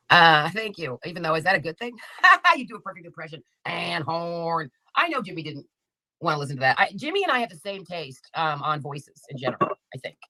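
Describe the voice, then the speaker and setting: A woman hosts a casual live commentary stream. Her voice is bright and cutting, recorded close and dry. She talks with heavy sarcasm and swearing, drawing out sugary mock sympathy. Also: fairly low pitch, big pitch swings, a little fast, no room sound, low-quality recording. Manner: sarcastic, mocking, profane. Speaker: livestream commentary host.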